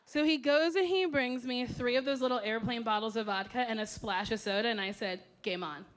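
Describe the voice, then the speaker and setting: A woman doing stand-up, telling a drawn-out story. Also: a little high. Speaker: stand-up comedian. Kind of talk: stand-up routine. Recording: loud background noise.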